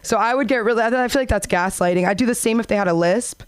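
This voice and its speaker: A young woman doing a stand-up comedy set and hosting an open mic, animated and acting out characters in high voices. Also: fast, clear, resonant tone. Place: comedy club stage.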